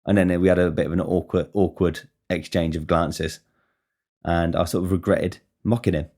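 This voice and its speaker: A man's voice: low voice, little pitch movement, normal speed, darkish tone. A man talking casually on his podcast in a rambling monologue, swearing constantly and wryly. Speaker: podcast host.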